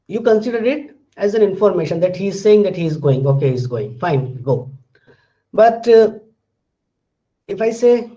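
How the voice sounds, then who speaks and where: High-voiced lecturer. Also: male voice, lively intonation, normal speed, mellow. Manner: explains patiently, repeating phrases and examples. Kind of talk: university phonetics lecture. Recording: muffled lo-fi classroom recording.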